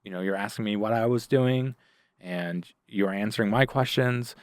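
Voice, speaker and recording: A man's voice: lowish voice, normal speed, dry recording, clean studio sound, natural voice. A man quoting an alarmed, shaken woman employee in an anecdote. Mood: upset. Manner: upset, pleading.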